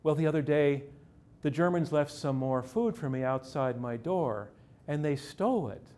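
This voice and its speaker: A man's voice: a little high, moderate pace, warm tone, natural voice. A man voicing a blind elderly Russian woman who is bitter and bigoted, in a live storytelling performance. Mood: plaintive.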